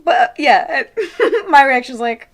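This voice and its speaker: Female co-host, slow and reflective, slightly high voice, laughs a lot. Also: lively intonation, a bit bright. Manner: reflective, laughs often, trails off. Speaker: podcast co-host. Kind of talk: casual chat.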